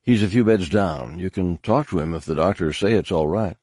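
A brisk, courteous officer offering thanks in a deep, dry voice, read by a male narrator. He speaks efficiently and politely. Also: a little mellow, no room sound. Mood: grateful.

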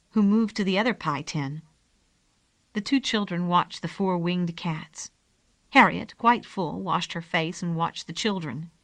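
A woman narrating a children's storybook in a calm, gentle way. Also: mid-range voice, dry recording. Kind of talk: storybook reading.

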